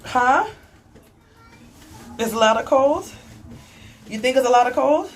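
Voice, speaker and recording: A woman's voice: sits high, lively intonation, unhurried, slight background noise. Chatty young woman vlogging at home. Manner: chatty, rambling, talks to a child off camera and reads comments aloud. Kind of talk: casual vlog chatter while cleaning.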